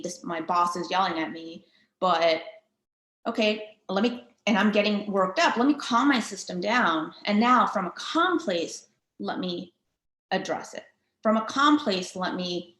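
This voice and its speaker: A woman's voice: mid-range voice, a bit bright. Chatty woman physical therapist, roomy echo. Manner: chatty, many filler words. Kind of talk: casual guided breathing talk.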